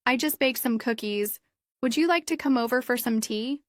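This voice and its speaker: Woman voicing a warm, cookie-baking neighbor lady. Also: fairly high pitch, normal speed, no echo, clean studio sound, natural voice. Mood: friendly. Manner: warm and kindly. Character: warm friendly female neighbor who bakes.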